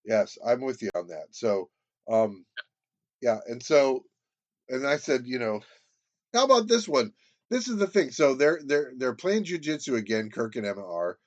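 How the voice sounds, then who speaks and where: A man co-hosting a casual book discussion podcast, animated, laughing often and acting out quotes from the story. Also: mid-range voice, normal speed, no echo, dull audio. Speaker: podcast co-host.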